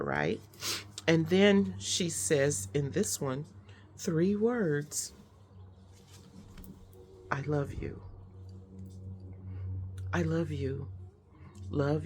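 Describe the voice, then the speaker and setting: A woman's voice: low-pitched, lively intonation, drawn-out words, long pauses, darkish tone, a little hiss or hum. A woman hosting a personal vlog, speaking in an effusive, emotional way with many fillers. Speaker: host. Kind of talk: heartfelt personal vlog chat.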